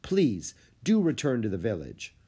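A man as a calm, solemn guide. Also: mid-range voice, a little slow, husky, heavily acted.

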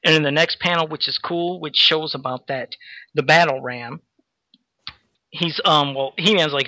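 A man's voice: on the high side, normal speed, sharp tone, no room sound. A man hosting a casual chat, rambling with many fillers as he recaps a comic and reads its captions aloud. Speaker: podcast host recapping a comic. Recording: dull lo-fi sound.

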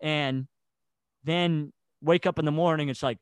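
A man's voice: fairly high pitch, fairly even intonation, measured pace, clean tone, dry recording. A man ranting heatedly in a casual chat, stammering and restarting his sentences. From United States. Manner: agitated and rambling, with stammered restarts.

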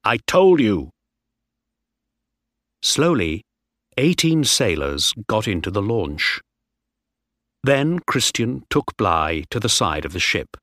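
A man reading a story aloud clearly and slowly, as in a graded-reader audiobook. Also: lowish voice, very animated, sharp tone, no echo, clean studio sound.

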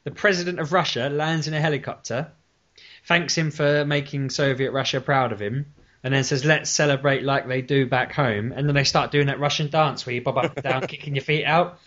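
A man's voice: fairly high pitch, steady tone, fairly quick, a bit bright. A man hosting a casual podcast chat, telling long rambling stories and often laughing at them himself. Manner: rambling storyteller, laughs at his own stories. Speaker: podcast host. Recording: lo-fi podcast audio.

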